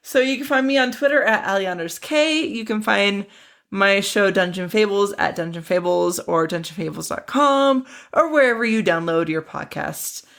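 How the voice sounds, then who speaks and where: A woman's voice: mid-range voice, moderate pace, vocal fry, fairly bright tone. A woman podcast guest, chatting in a teasing, amused way. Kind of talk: casual chat.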